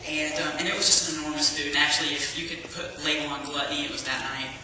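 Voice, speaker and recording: A woman tells a personal testimony in a very bright, ringing voice, acting out each exchange like a lively storyteller. She sounds far from the mic in a big echoey hall with long reverb, and faint ambience underneath. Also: low-pitched, quick pace, slight background noise. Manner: lively storyteller who acts out dialogue and laughs often. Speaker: speaker giving a testimony. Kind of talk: personal testimony to a church audience.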